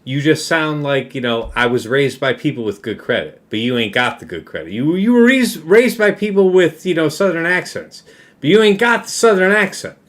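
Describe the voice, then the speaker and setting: Tipsy man, gaming host, teasing and loud, very animated delivery. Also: a little high, normal speed. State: tipsy from drinking. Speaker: game streamer. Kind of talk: casual chat while gaming.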